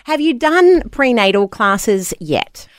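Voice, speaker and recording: A woman in her forties co-hosting breakfast radio, telling stories in an animated, competitive way. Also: on the high side, takes it slowly, dry recording, clean studio sound. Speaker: radio show co-host. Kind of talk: playful breakfast radio banter. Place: radio studio.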